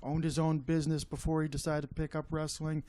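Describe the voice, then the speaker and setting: A man with a higher voice gives his take on a casual podcast panel. He talks quickly but hesitantly, with many "uh"s. The sound is dry and close. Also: flat delivery, dark tone, dry recording.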